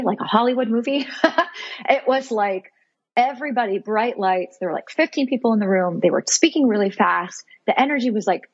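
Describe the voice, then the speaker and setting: A woman's voice: mid-range voice, breathy edge, no room sound, lo-fi sound. A woman in her thirties, a podcast guest, telling a personal story in an earnest, heartfelt, self-reflective way.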